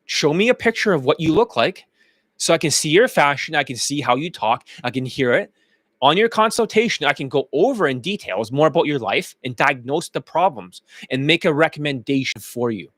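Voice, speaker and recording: A man's voice: on the high side, lively intonation, a little fast, a bit bright, no room sound. A man talking as a dating coach in a brash, boastful monologue, swearing freely. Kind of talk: casual promotional monologue.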